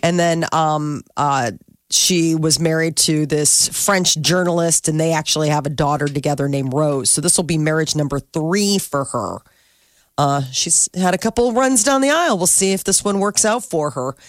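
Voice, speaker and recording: A woman's voice: low-pitched, moderate pace, dry recording. Middle-aged woman podcast co-host, chatty gossip read, dead-dry close mic. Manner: chatty, breezy, laughs easily. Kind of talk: casual chat, reading celebrity news.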